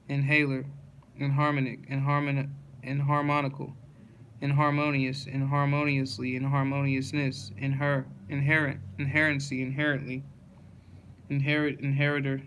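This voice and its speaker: A man reading a long list of dictionary words aloud in a steady recitation, with occasional slips and restarts. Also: mid-range voice, a little hiss or hum, poor audio. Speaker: word-list reader.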